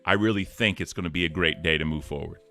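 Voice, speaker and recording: Deep-voiced guy cohosting a stream, upbeat, thanks the chat a lot, forceful tone. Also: fast talker, soft background music. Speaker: co-host. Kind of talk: casual livestream chat.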